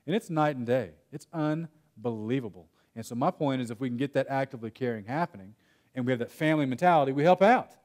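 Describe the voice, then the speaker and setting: A young Texan man with a mid-range, slightly mellow voice talks fast while giving a breakout session at a conference. He's chatty and tells stories, cutting into his own sentences and laughing as he goes. The setting is a conference room, and he's the workshop speaker.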